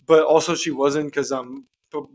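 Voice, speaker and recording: A man's voice: on the high side, fairly even intonation, normal speed, a little mellow. Rambling man chatting about a movie. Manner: rambling, full of ums and restarts. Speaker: podcast co-host. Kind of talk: casual movie review chat.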